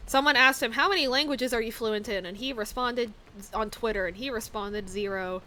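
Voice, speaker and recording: Bright-voiced young woman streamer. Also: a little high, normal speed, a little hiss or hum. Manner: rambling, jokey, talks to herself while playing. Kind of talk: casual gameplay chat.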